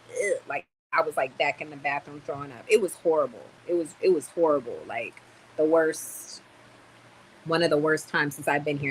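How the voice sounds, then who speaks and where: A young woman vlogging casually on a livestream, tired and chatty, telling stories with sudden loud exclamations. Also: deep voice, a little hiss or hum, poor audio.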